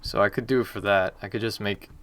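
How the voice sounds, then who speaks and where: A man's voice: on the low side, steady tone, a little fast, a bit bright, slight background noise. A man, an indie game developer, chatting casually and self-deprecatingly while working on a live stream, laughing often.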